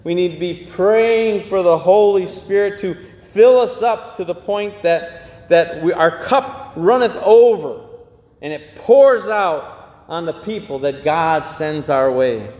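A man's voice: high voice, lively intonation, takes it slowly, darkish tone. A man preaching a sermon as pastor, earnest and given to repeating phrases. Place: church. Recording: echoey church hall.

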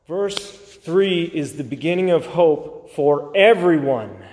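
A man's voice: a little high, slow pace, big-room sound. A man preaching a sermon as a pastor, pleading and impassioned, repeating his phrases.

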